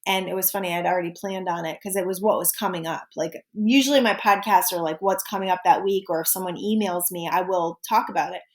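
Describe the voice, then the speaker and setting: Woman, forties, podcast host, casual monologue, lively exclamations. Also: fast, hardly any pauses. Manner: animated, with sudden high exclamations and asides. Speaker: podcast host and life coach.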